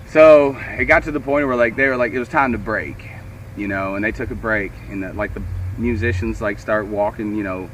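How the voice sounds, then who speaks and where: A man's voice: fairly low pitch, a little fast. A man with a Kentucky accent co-hosting a casual chat, telling a rambling, profane story and acting out what others said. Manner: rambling, animated, profane, quotes others in raised voice. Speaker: show co-host. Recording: distant mic with faint street and traffic noise.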